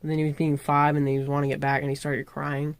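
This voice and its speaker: A woman's voice: low voice, monotone, fast, no echo. A woman vlogger talking to camera in a casual, rambling rant, often correcting herself. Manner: rambling, self-correcting, chatty.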